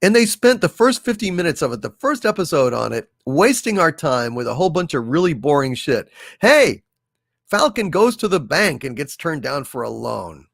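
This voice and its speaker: A man's voice: fairly high pitch, very animated, gravelly, fairly bright tone, no echo, clean studio sound. A man hosting a casual livestream, reading out viewer messages and answering them in a blunt, profane way. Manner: blunt and profane, drawn-out emphatic delivery. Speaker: livestream host.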